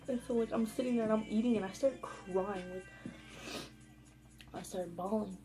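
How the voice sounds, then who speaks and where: A woman's voice: mid-range voice, moderate pace, poor audio. A young woman telling a casual storytime in her vlog, rambling with constant fillers and frequent swearing. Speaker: vlogger. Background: background music.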